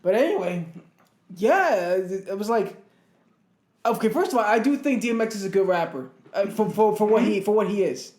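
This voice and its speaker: A man with a fairly high voice co-hosts a casual podcast. He rambles through his stories, restarting sentences and chuckling along the way. The room is echoey. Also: lively intonation, normal speed, darkish tone. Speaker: podcast co-host. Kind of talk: casual chat.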